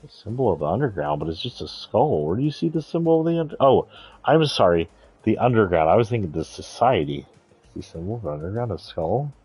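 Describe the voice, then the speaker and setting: A man's voice: lowish voice, sing-song, fast, darkish tone, husky, no echo, soft background music. A man giving casual, rambling gameplay commentary, thinking aloud and correcting himself as he goes. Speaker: streamer.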